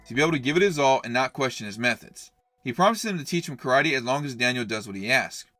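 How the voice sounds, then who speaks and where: Quick, bright-voiced male video essayist. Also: mid-range voice. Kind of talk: scripted analytical narration.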